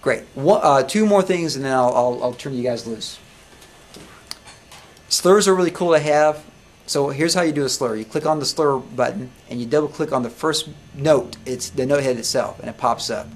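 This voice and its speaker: Casual man teaching a music class. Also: medium pitch. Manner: casual, halting, asks students questions. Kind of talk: live classroom software demo.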